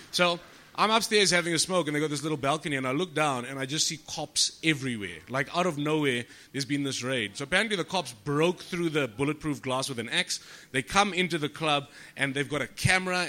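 A man, a comedian guest, telling stories on a podcast in an animated way, swearing freely and acting out the people he quotes. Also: a little high, fast talker. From South Africa. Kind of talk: storytelling podcast chat.

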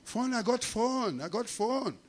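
A man acting out an eager man who speaks broken English, repeating short halting words. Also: very high voice, sing-song, pitched above the performer's own voice, exaggerated voice.

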